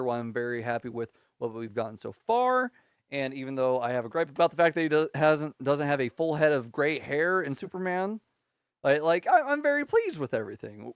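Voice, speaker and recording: A man co-hosting a podcast, chatting casually and halting, restarting his sentences and laughing between points. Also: mid-range voice, clean tone, dry recording, studio quality. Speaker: podcast co-host. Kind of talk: casual chat reviewing a show.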